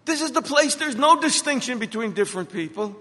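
A middle-aged pastor delivering a sermon, repeating key phrases and telling stories about his own life. His voice sits high and bright, with a forceful edge. The sound rings out with the long reverb of a church hall. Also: lively intonation, brisk. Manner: preaching with emphatic repetition and storytelling.

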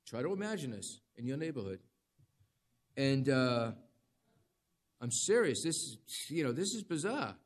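A man's voice: mid-range voice, big pitch swings, unhurried, pauses often. A man preaching a sermon in a conversational, dramatic way, with rising emphasis. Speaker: pastor.

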